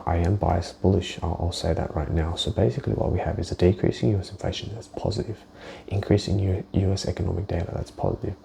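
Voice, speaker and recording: A deep-voiced man with a gravelly, mellow tone talks loosely through his market analysis. He thinks aloud, swears now and then, and restarts his sentences. Faint background noise sits under the voice. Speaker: forex trader. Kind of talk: casual screen-share market walkthrough.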